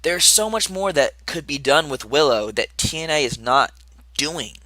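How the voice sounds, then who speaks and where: A man's voice: fairly high pitch, expressive, normal speed, sharp tone, no echo. A young man recapping a wrestling show in a casual, rambling podcast style, with asides and muttered remarks.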